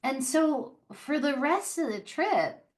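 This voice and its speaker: A woman, an author and podcast guest, telling a personal story in casual interview chat, animated and full of fillers. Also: high voice, takes it slowly. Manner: animated, chatty, many fillers like "like" and "um".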